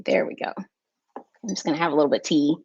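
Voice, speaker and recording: A woman's voice: low voice, fairly even intonation, quick pace, a little mellow, breathy edge, highs cut off. A woman hosting a casual livestream, chatting with viewers and thinking aloud with fillers and little asides. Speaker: livestream host.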